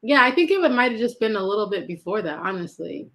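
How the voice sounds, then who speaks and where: A woman guest in a casual chat, talking quickly and laughing often as she recalls stories. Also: medium pitch, big pitch swings, background noise. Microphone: video call.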